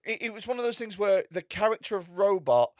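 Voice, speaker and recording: Animated man telling stories. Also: sits high, no room sound, studio quality. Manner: animated storytelling with quick restarts and laughter. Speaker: comedy podcast host. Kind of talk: casual chat.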